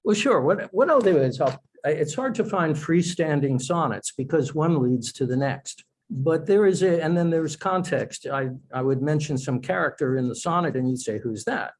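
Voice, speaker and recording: A man's voice: fairly high pitch, animated, moderate pace, poor audio. A man, an author, speaking as a guest in a podcast interview, explaining in a thoughtful, self-correcting way.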